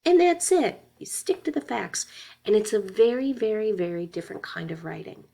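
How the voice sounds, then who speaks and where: A middle-aged woman gives a conversational college lecture in a gravelly voice with noticeable vocal fry. She mixes personal stories with advice and checks in with her students as she talks. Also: medium pitch, sing-song, normal speed, warm tone. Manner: conversational, personal storytelling, tag questions. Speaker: college instructor. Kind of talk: recorded lecture.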